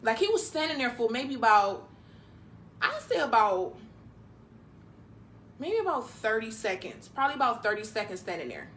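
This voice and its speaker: Chatty young woman, higher voice. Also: very animated, normal speed, pauses often, a bit bright, slight background noise. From Detroit, USA. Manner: chatty, loose, full of "like" fillers. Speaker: mukbang vlogger. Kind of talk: casual storytime chat while eating.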